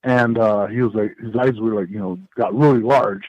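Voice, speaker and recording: A man, a podcast guest, telling a story in a casual, animated way, full of fillers and restarts. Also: on the low side, normal speed, no echo, rough recording.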